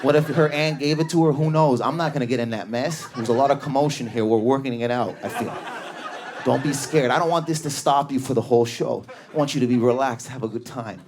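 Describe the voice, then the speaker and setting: A man's voice: mid-range voice, fairly quick, background noise. A man doing stand-up comedy on a club stage, telling stories with frantic, raging energy and sudden shifts in tone. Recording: live club with crowd laughter.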